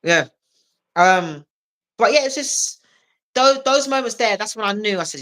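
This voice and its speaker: This woman tells her stories in bright, ringing tones, jumping into little voices for everyone she quotes. She is a comedian guest on a podcast, chatting casually and laughing between lines. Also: mid-range voice, measured pace, pauses often. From England. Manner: animated storyteller who acts out quoted voices and laughs often. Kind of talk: casual storytelling chat.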